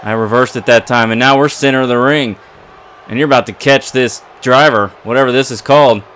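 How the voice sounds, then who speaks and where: Excitable man commentating a wrestling game. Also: mid-range voice, a little fast, clear, resonant tone. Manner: excitable, trash-talking the opponent. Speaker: gaming commentator. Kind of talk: let's play commentary.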